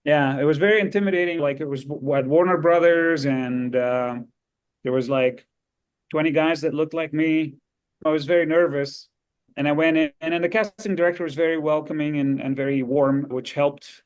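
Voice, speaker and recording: Animated, higher-pitched male guest storyteller. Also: moderate pace, clear, resonant tone. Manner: lively, animated storytelling with frequent laughs. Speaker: guest actor. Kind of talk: casual anecdote telling.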